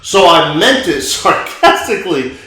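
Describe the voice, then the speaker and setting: A young man on a casual podcast, sarcastic and a little sheepish, stumbling through his explanations. His voice is bright and tense. The room is very echoey. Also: a little high, big pitch swings, normal speed. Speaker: podcast co-host. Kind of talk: casual chat.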